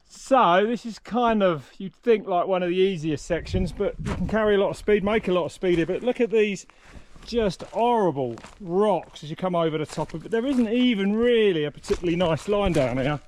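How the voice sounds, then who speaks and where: An excitable man with a slightly high voice walks a bike course outdoors, swearing and gasping at what he sees. He talks bluntly and casually as the host. Faint outdoor noise sits behind him. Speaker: host walking a race course.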